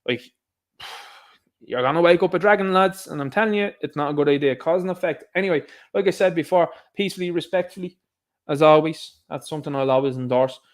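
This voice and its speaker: A man's voice: fairly high pitch, brisk. Ranting Irish man on a livestream. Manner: emphatic, ranting, talks straight to viewers. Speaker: livestream host. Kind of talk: opinionated livestream commentary reading viewer chat.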